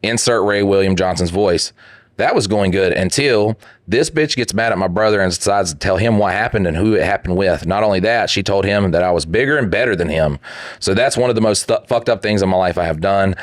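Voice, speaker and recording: A man's voice: sits low, fairly quick, no room sound, studio quality. A man co-hosting a podcast, reading listener stories and joking with heavy profanity. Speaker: podcast co-host. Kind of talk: casual podcast banter.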